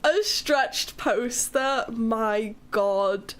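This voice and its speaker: Welsh woman streamer, young adult, high-pitched and slow-paced, playful and teasing with a casual foul mouth. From Wales. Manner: playful, teasing, swears freely. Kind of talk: casual live-stream chat with viewers.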